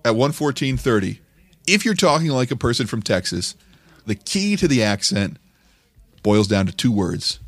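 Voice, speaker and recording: Deadpan wry male podcast host. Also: medium pitch, normal speed, no room sound. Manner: dry, wry, deadpan timestamp intros. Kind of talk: comedic commentary on clips.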